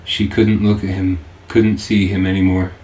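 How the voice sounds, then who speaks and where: A man narrates an audiobook in a deep, mellow voice, reading with earnest, measured delivery. He sounds set back from the mic in a roomy space. A faint hiss sits underneath. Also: level tone, far from the mic.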